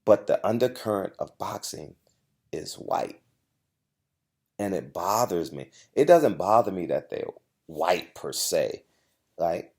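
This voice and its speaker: A man with a deep, low-pitched voice speaks straight to his audience in a heated monologue. He drives each point home by repeating it and cuts in with short asides to his viewers. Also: big pitch swings, takes it slowly, creaky, long pauses, darkish tone. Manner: emphatic, repetitive, confrontational storytelling. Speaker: boxing journalist and channel host. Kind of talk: direct-to-camera monologue.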